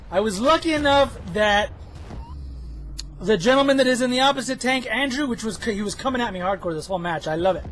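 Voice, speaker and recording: A man's voice: high-pitched, fairly bright tone, a little hiss or hum, low-quality recording. A man giving chatty, self-mocking commentary over his own gameplay footage, joking as he goes. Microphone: headphones with mic.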